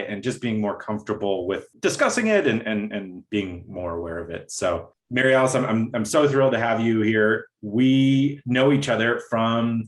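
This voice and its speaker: Rambling low-voiced man hosting a podcast. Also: animated, moderate pace, few pauses. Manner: rambling, many restarts and fillers. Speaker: podcast host. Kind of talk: casual chat.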